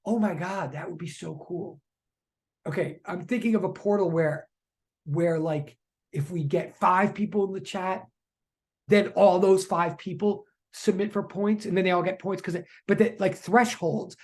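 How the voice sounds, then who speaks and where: A physics teacher giving a live online lecture, chatty and excitable, often repeating questions to students in the chat. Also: medium pitch, moderate pace.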